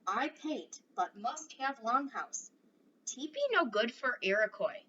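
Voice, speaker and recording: A proud, stern tiny warrior man, put on by a woman reading a storybook aloud speaks in loud, clipped broken phrases. The voice sits high and bright. It comes from some way off the mic, dull and lo-fi with a faint hiss behind. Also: animated, takes it slowly, recorded from a distance, full character voice.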